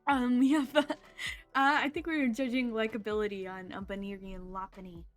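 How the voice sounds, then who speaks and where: A woman's voice: on the high side, steady tone, brisk, faint music behind. A woman hosting a casual stream, joking around and laughing often. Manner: giggly, joking, frequent laughter. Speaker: streamer host.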